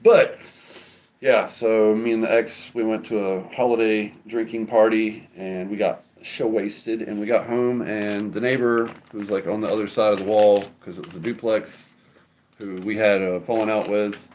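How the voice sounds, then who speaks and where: A man's voice: fairly low pitch, fairly even intonation, moderate pace, darkish tone, a little hiss or hum. A man hosting a livestream, telling long casual stories in a rambling, profane, conversational way. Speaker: livestream host. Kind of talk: casual storytelling to a live chat.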